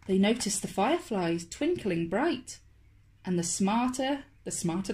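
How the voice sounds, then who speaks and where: A woman, a children's author, reading a picture book aloud to toddlers in a slow, expressive, sing-song way. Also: mid-range voice, slight background noise. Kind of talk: storybook read-aloud for toddlers.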